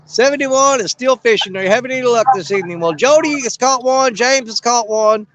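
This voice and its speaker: A man's voice: very high voice, fairly quick, fairly bright tone, rough recording. A man hosting a live fishing panel from a riverbank on his phone, chatting in a folksy, rambling way while still out of breath. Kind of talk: casual live-stream chat. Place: outdoors on a riverbank in the evening.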